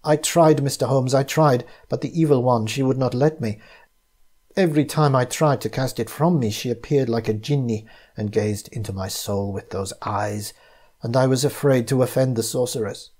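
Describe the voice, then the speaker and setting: A man's voice: normal speed, darkish tone, lightly acted. A man doing a frightened, subdued servant. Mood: pleading. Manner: low, pleading, subdued. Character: frightened loyal male Egyptian servant.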